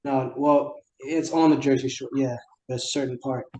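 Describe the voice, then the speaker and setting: A young man with a New York accent, talking in a mellow, warm tone. He hosts a relaxed podcast chat, easygoing and quick to laugh, often groping for the right word. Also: mid-range voice, highs cut off, a little hiss or hum. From New York City. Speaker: podcast host. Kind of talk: casual chat.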